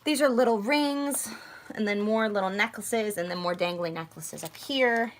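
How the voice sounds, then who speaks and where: A young woman from outside Philadelphia with a slight Philly accent, chatting casually and rambling on a livestream while she packs, a little hoarse. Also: medium pitch, normal speed, a little hiss or hum. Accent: Philadelphia area. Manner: chatty, rambling, self-mocking. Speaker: vlogger.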